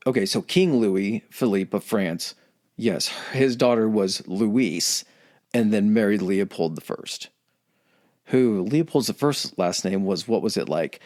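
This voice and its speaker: A man's voice: on the low side, unhurried. A man co-hosting a history podcast, joking around, swearing and asking questions in a casual way. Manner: joking and animated, swears, acts out little scenes.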